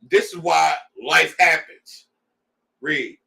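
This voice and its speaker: A man's voice: a little high, takes it slowly, gravelly, bright, forceful tone, far from the mic. A man leading a scripture class, preaching in a heated, blunt way with street slang. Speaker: class leader.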